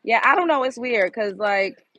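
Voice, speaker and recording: A woman's voice: on the high side, expressive, moderate pace, fairly bright tone, no echo, rough recording. A woman hosting a live stream, chatting casually and exclaiming straight to her viewers. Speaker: livestream host.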